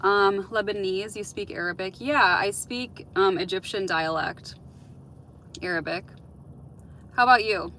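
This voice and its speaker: A woman hosts a relaxed livestream, talking straight to her viewers as she answers their comments. Her voice is bright and forward. She fills her sentences with easygoing "like" and "um" and gives open, thoughtful advice. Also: mid-range voice, a little slow, a little hiss or hum, low-quality recording. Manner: chatty, heavy use of "like" and "um"; open, reflective advice-giving. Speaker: livestream host. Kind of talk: casual live-stream chat answering viewer comments.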